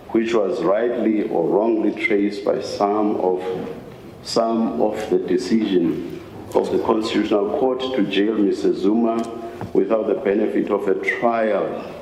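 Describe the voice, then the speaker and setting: A man questioning counsel from the bench in a courtroom, deliberately reading out quoted phrases and stressing them. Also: lowish voice, darkish tone. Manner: slow, deliberate, reads quoted phrases with emphasis. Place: large courtroom. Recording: echoey court hall, faint hiss.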